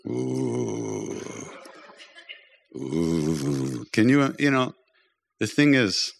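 An older man giving a storytelling spiritual talk, gently humorous and self-deprecating, as a teacher and podcast host. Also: medium pitch, huge pitch swings, very slow, creaky, a little hiss or hum.

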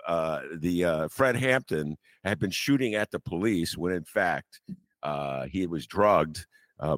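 Gravelly, very deep-voiced older host. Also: male voice, no echo, clean studio sound. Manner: rambling, animated, many "uh" pauses. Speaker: podcast host. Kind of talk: casual monologue.

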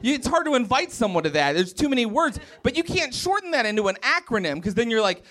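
A stand-up comedian from West Virginia works a comedy club crowd in a rambling, self-deprecating set. His voice sits high and swings widely in pitch, and he drops into playful put-on voices for his bits. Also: sing-song, fast, hardly any pauses, bright, forceful tone.

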